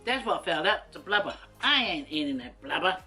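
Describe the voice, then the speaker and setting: A woman's voice: on the low side, animated, fairly quick, bright, forceful tone, soft background music. A woman with a Samoan accent chatting playfully to camera while eating, teasing her food and giggling. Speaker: mukbang vlogger. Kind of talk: casual eating chat to camera.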